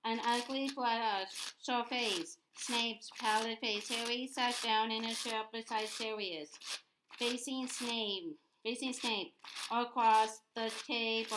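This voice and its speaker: Halting woman reading a novel aloud. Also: fairly high pitch, fairly even intonation, background noise. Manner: halting, many restarts and repeated words. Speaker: audiobook reader.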